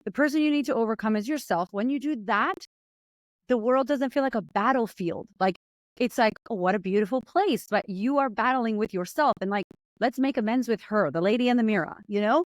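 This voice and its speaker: Guest: woman, animated and emotional, a touch high, dry close sound. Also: dry recording. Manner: animated, emotional and laughing, quick to act out voices. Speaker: guest, confidence coach. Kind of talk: casual conversational interview.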